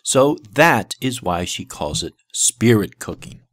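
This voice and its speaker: A man with a lowish voice that swings up and down a great deal as he mocks what he hears. He talks with open sarcasm and exasperation, cutting in to debunk a video. The sound is close and dry, with no room around it. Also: very animated, slow pace, fairly bright tone, no echo. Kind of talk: reaction commentary.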